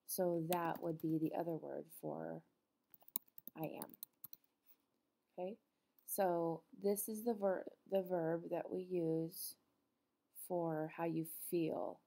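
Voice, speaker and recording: A middle-aged woman teaching a recorded Spanish lesson, explaining patiently with frequent pauses and ums. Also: sits low, vocal fry, warm tone.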